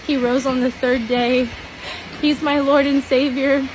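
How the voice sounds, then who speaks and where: A woman's voice: high-pitched, flat delivery, measured pace, background noise. A middle-aged woman telling a personal dream testimony in an earnest, tearful way, often laughing.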